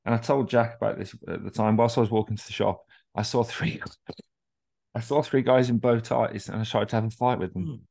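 His voice is lowish, gravelly and somewhat dark, with fairly even intonation at normal speed. Co-hosting a casual podcast, he tells long, profane, candid stories, restarting often and tossing in self-deprecating asides.

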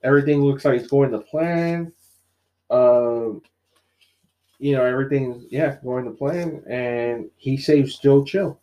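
A man's voice: mid-range voice, takes it slowly, highs cut off. A man in casual conversation, eagerly retelling a story with lots of "you know" and "like". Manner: animated retelling with many fillers. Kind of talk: casual comic book discussion.

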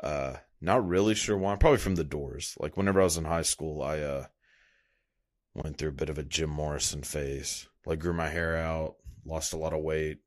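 A man's voice: rumbling low, fairly even intonation, moderate pace. A young man talking in a loose, rambling monologue, swearing a lot and laughing at himself. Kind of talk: casual profane monologue.

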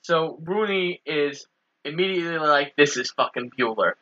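Bright-voiced man narrating a movie plot. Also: a little high, moderate pace, dull audio. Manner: steady plot narration with quoted lines. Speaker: podcast co-host.

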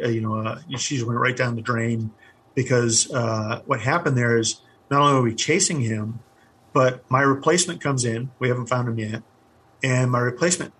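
In an interview, a middle-aged man who used to pilot army helicopters shares his story candidly, halting often and using lots of fillers. He has a medium-pitched, slightly rough voice that's a bit bright.

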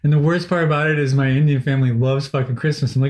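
A man's voice: mid-range voice, fairly even intonation, quick pace, a little mellow. A man from Chicago who talks in blunt, heated bursts and swears freely. His voice sits mid-range and rings a little in an echoey room. The talk is a loose, casual podcast chat. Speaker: parent and co-host.

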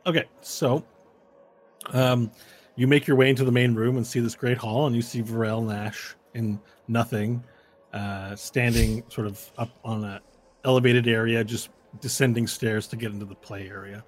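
A man narrating as game master, casual and relaxed, with fillers. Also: mid-range voice, normal speed.

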